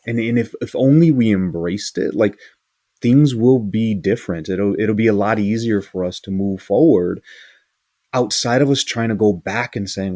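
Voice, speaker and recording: A man hosting an interview talks in a low, mellow voice, recorded dry and close. He is earnest and thoughtful, and often restarts a phrase as he works through his ideas. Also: normal speed, no echo. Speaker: interview host, school leader. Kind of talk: casual interview talk.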